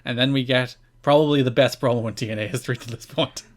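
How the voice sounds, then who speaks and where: A man's voice: medium pitch, fast. An enthusiastic young man co-hosting a casual podcast. He talks through old wrestling shows in a mid-range voice, with eager energy as he recounts what happened. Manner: enthusiastic, animated storyteller who acts out quotes. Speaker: podcast co-host.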